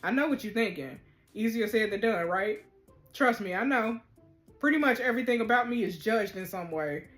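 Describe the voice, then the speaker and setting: A woman's voice: a little high, animated, normal speed, a bit bright, soft background music. A woman reading the lines of a tough, self-assured teenage girl in a juvenile facility, in a blunt manner.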